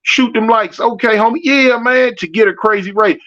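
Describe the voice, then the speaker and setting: A middle-aged man chats loosely on a livestream, calling out viewers by name and pleading for likes in easy street slang. His voice sits high for a man. The sound is a bit dull and lo-fi. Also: moderate pace, sharp tone. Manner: reads out viewer comments and begs for likes. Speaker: livestream host. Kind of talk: casual livestream chat.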